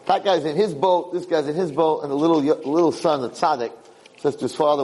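Animated man telling a parable. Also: fairly high pitch, fairly quick, poor audio. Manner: animated storyteller, Yiddish-sprinkled. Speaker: Jewish lecturer. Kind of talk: parable storytelling lecture.

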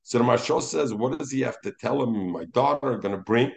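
Animatedly teaching Talmud, a man mixes Hebrew and Yiddish words into his English while impersonating the rabbis he quotes. His mid-range voice is creaky and fairly quick.

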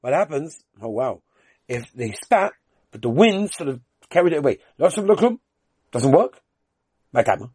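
A man with a Yeshivish English accent and a Yiddish lilt, teaching a Talmud lesson. He chants the text in a rising sing-song, then drops into quick plain explanation. His voice is slightly husky and sits at a middle pitch, recorded close and dry. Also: sing-song, darkish tone, dry recording. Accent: Yiddish-inflected Yeshivish English.

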